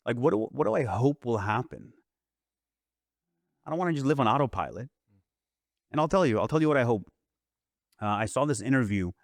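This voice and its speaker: A man's voice: mid-range voice, brisk, gravelly, pauses often, dry recording, clean studio sound. A middle-aged man hosting a podcast, talking in an earnest, reflective casual chat about hope and faith. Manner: earnest, reflective, quotes others in lively retellings. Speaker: podcast host.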